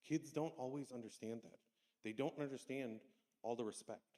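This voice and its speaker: A man talks through a teacher-training workshop in a loose, conversational way, dropping into short stories and mimicking his students. His voice sits at an ordinary middle pitch. The sound carries a long church-hall reverb around it. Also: normal speed, warm tone. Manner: conversational, anecdotal, acts out kids' voices. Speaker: Sunday school teacher trainer.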